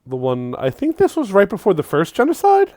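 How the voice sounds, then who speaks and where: Animated man running a tabletop game. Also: sits high, brisk, no echo, clean studio sound. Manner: animated, joking asides. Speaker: game master.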